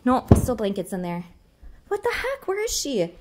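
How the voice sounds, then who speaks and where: Her voice sits a little high and a little mellow, swinging hugely in pitch at a normal speed. She's a thirties mom from family kids' videos, playfully pretending with her child and cooing over her like a baby in a sing-song, overdone way.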